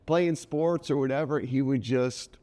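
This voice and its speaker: Middle-aged man, guest author, lively storyteller, mid-range voice. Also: medium pitch, measured pace. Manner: animated, acts out quoted voices. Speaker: guest, children's book author. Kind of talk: casual storytelling interview.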